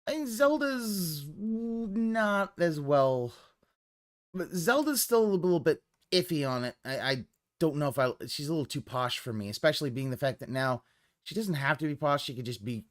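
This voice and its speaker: A fast-talking man with a mid-range voice streams live, commenting casually as he reacts to a clip. He's animated, rambling and swearing throughout.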